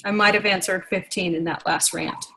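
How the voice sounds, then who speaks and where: A young adult woman leading a business team meeting in a casual, animated, rambling way, getting worked up and talking fast when excited. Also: on the low side, gravelly, noisy background. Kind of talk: casual motivational training talk.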